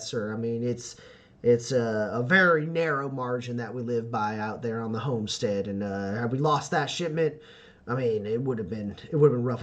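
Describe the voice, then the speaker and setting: A man voicing a humble middle-aged frontier homesteader who talks in a halting drawl full of pauses. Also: mid-range voice, fairly bright tone, natural voice.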